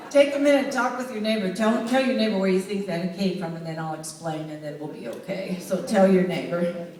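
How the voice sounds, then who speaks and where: A woman's voice: mid-range voice, brisk, a little mellow. A woman with a Southern US accent giving a humorous presentation to a live audience, telling stories and speaking to the listeners directly. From United States. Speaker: public speaker. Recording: echoey hall, voice from far off.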